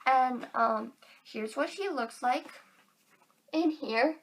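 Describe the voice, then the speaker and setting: A woman's voice: on the high side, slow pace. A teenage girl vlogging to camera in casual chat, chatty and giggly, filling her talk with "like", a bit tired.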